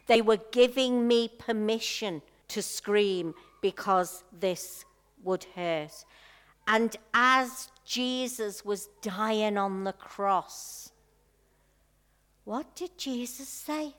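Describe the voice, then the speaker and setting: A woman preaching a sermon, telling a personal story in a slow, heartfelt way with soft pauses. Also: mid-range voice, clean tone.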